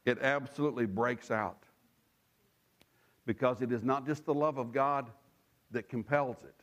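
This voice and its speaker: A man's voice: medium pitch, unhurried, highs cut off. A man preaching a sermon as a pastor, telling stories with chuckles and repeating phrases for emphasis. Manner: animated storytelling with chuckles and asides.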